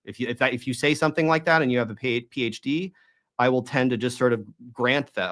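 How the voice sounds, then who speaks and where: A man's voice: medium pitch, a bit bright. A man being interviewed, speaking in a conversational way with many restarts and rhetorical questions. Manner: talks in halting restarts and hedges, often asks rhetorical questions. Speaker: guest.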